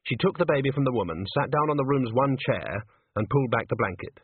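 A man reading a story aloud in an expressive storytelling manner. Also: medium pitch, a little fast, breathy edge, no room sound. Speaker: audiobook narrator. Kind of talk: scripted narration. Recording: dry, tinny phone-like sound.

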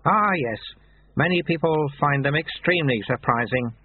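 A man voicing an amiable little old monk sweeper who speaks cheerfully, unhurriedly and with gentle teasing, heard through tinny phone-like audio. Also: a little high, moderate pace, a little hiss or hum, pitched above the performer's own voice, close to an everyday voice.

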